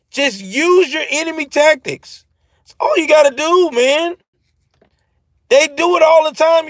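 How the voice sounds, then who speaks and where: A man hosting a live stream, giving ranting political commentary in a profane, animated way and answering his chat. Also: extremely high pitch, no echo.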